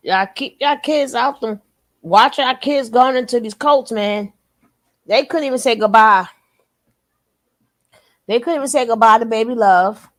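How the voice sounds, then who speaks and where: Emphatic woman with a higher voice. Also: unhurried, pauses often. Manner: emphatic, repeats phrases over and over; blunt, curses then apologizes. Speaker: reaction commentator. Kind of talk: reaction commentary.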